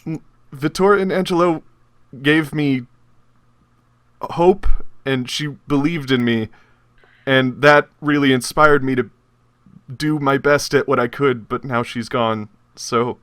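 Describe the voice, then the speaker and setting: A timid young woman student, voiced by a man, speaking low and hesitantly. Each phrase comes out soft and withdrawn. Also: fairly even intonation, slow, long pauses, no room sound. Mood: sad.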